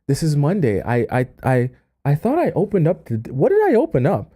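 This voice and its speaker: A man's voice: a little high, wildly swooping pitch, moderate pace, dark tone, husky. A man hosting a dating-advice live stream, reading a letter aloud and stammering in disbelief, trailing off into mutters. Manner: stammering, incredulous, dropping to mutters and breaking into laughter.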